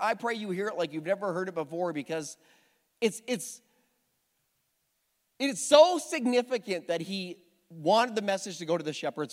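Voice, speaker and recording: Animated male pastor, high lively voice. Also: in a large hall. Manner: storytelling, animated, self-deprecating humor. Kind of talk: sermon. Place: church sanctuary with a congregation.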